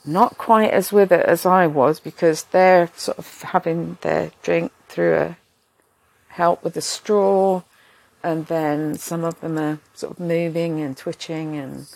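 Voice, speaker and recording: Low, gravelly older woman. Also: darkish tone, dry recording. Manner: chatty, rambling, self-deprecating. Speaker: vlogger. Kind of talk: casual storytelling.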